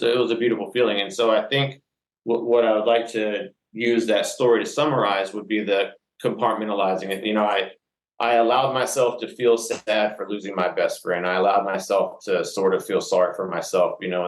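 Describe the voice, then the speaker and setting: Man with a low voice, podcast guest, earnest and rambling, full of fillers, recorded in an echoey room. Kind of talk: candid personal storytelling.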